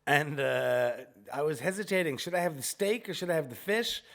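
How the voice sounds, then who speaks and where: A man co-hosting a podcast in casual chat, telling animated, joking stories while recovering from chemotherapy. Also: fairly high pitch, a little fast, creaky. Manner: animated storytelling, jokey. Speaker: podcast co-host.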